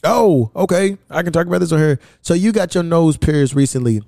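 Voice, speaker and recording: A young man from hosting a podcast, telling loose, profane stories in casual chat and jumping his pitch high when he quotes someone. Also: brisk, vocal fry, dark tone, no room sound, studio quality. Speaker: podcast host.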